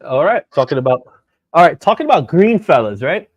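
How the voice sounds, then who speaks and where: A man hosts a comic book show in a relaxed, joking way and laughs easily. His voice sits a little high and swings up and down a lot. The sound is close and dry. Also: fairly quick, no echo. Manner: lively, loose and joking, laughs often. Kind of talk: casual chat.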